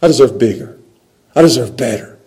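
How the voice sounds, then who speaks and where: A man voicing a grumbling, envious churchgoer in a high, whining, self-pitying tone. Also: expressive, a little fast, dark tone, husky, poor audio. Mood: complaining. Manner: self-pitying, moaning about others' blessings.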